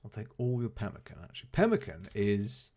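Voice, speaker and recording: A man's voice: lowish voice, big pitch swings, brisk, mellow. A man streaming a game live, greeting viewers and chatting genially as he plays. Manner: chatty, genial, fond of exclamations like goodness gracious. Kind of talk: casual live-stream chat while playing.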